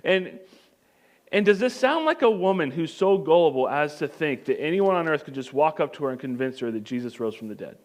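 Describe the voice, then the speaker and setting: Pastor guy preaching, fairly high voice, acts out the story and jokes around. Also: fairly quick. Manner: animated storytelling, acting out scenes with comic asides. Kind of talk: sermon.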